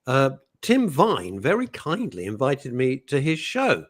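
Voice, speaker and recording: Brief: British male radio co-host, lively pitch, anecdotal chatter. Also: unhurried. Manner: storytelling, animated, laughs often. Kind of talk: casual radio chat.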